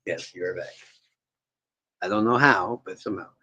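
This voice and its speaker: Cursing streamer with a husky voice. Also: male voice, deep voice, moderate pace, sharp tone, no echo, highs cut off. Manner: swears a lot, grumbles at his screen. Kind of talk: livestream talk, muttering to himself.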